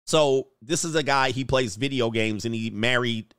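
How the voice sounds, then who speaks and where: A man's voice: mid-range voice, moderate pace, a bit bright, clear, resonant tone, no room sound, studio quality. A man hosting a casual reaction show, joking in slang and often laughing as he comments on clips. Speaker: commentary host.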